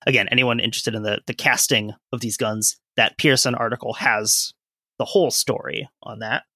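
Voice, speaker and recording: A man with a bright, forceful voice co-hosts a casual history podcast. He explains events in a conversational way, dropping in asides as he reads from his sources. The recording is close and dry. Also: medium pitch, fairly even intonation, moderate pace, no room sound. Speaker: podcast co-host.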